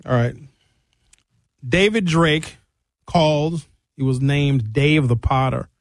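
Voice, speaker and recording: A man giving an animated, indignant casual monologue, reading figures from his notes with jokey asides. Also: on the high side, slow, no echo. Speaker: commentator.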